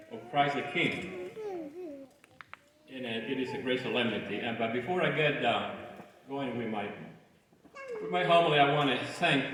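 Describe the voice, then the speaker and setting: Halting, joking man deacon preaching in a church. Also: mid-range voice, fairly bright tone. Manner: halting, with restarts and light jokes. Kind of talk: sermon. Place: large church. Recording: echoey church hall from far off.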